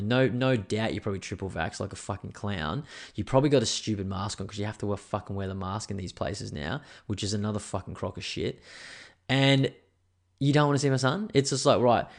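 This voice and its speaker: A man with an Australian accent hosting a solo podcast, ranting angrily and swearing as he rambles. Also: lowish voice. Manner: angry, profane, rambling. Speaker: podcast host.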